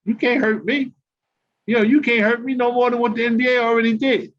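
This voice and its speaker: An older man from New Jersey, a former pro basketball player and coach, airs his grievances as a guest in a heated monologue. His very high voice is flat and a little fast, and he sounds emphatic, repetitive and aggrieved over dull lo-fi call audio.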